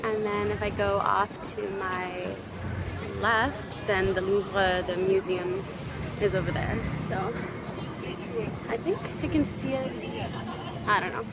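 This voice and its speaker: A woman's voice: medium pitch, slow pace, long pauses. A young woman chatting casually with lots of fillers as she walks through a city for her travel vlog. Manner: chatty, rambling with many fillers. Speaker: travel vlogger. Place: outdoors on busy city streets. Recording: loud street traffic noise. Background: traffic and street noise.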